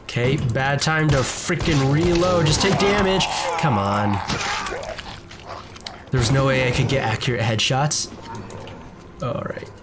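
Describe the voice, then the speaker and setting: At home at his desk, a man who makes gaming videos gives relaxed let's-play commentary, jumpy and talkative, addressing the on-screen enemies directly. He speaks slowly at medium pitch with long pauses, and there's heavy noise in the background.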